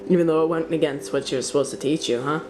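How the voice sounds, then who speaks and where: A man asking gentle, probing questions as the interviewer. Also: on the high side, fairly even intonation, very fast. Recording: distant mic with music.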